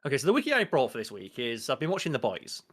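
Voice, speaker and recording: Young male co-host, playful storyteller, very expressive melody. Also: mid-range voice, racing. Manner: joking, animated storyteller. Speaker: podcast co-host. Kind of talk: casual podcast chat.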